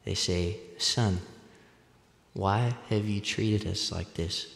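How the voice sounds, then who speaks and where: A young male pastor preaching in a church sanctuary. His voice sits a little low and moves at an unhurried, measured pace, and it rings with a long reverb through the big room. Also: fairly even intonation, vocal fry. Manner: measured, deliberate delivery that speeds up for personal stories. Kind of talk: sermon. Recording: echoey church hall.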